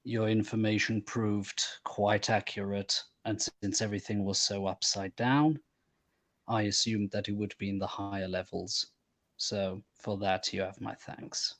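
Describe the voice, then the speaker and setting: A man voicing a wary, reserved male vampire in a tabletop role-play, with a slow, formal delivery. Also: lowish voice, flat delivery, a bit bright.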